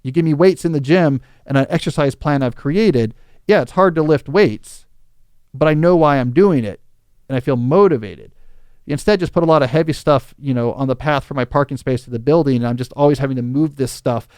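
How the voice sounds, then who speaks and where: A man's voice: medium pitch, fairly quick, darkish tone, smooth, no echo, clean studio sound. A man hosting a podcast, explaining advice in a reasoned, conversational way. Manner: reasoned, conversational, acts out quoted scenarios. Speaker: podcast host.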